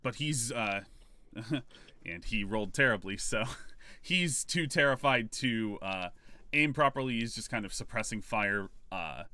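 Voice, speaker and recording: A man narrating a tabletop game as game master, in halting, filler-heavy speech. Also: fairly low pitch, bright, forceful tone, no echo.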